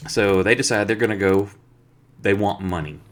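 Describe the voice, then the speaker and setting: A man with a lowish voice, speaking at normal speed, serves as dungeon master and casually recaps a tabletop game session. His storytelling rambles as he acts out the players' lines.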